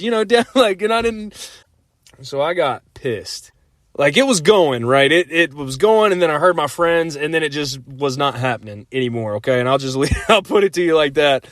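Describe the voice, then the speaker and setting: A man's voice: a little high, a bit bright, no echo, studio quality. A man in his thirties casually telling a rambling personal story, full of fillers and frequent laughs.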